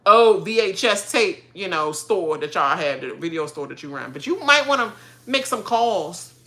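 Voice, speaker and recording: A woman hosting a reality show reaction, ranting in casual chat, animated and often laughing. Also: fairly low pitch, moderate pace. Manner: animated, laughing, mocking quoted voices.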